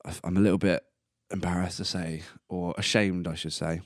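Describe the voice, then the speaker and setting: A man's voice: low-pitched, little pitch movement, a little fast, no echo, clean studio sound. A man in his early twenties hosting a solo podcast in casual, rambling talk, laughing at his own jokes and coughing now and then. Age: 20s. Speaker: podcast host. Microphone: close podcast mic.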